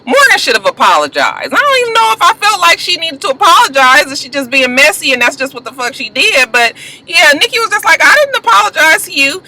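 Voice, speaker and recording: A woman's voice: high voice, big pitch swings, fairly quick, bright, forceful tone, a little hiss or hum, rough recording. A woman recapping a reality TV reunion in a casual gossip vlog, blunt, profane and exasperated.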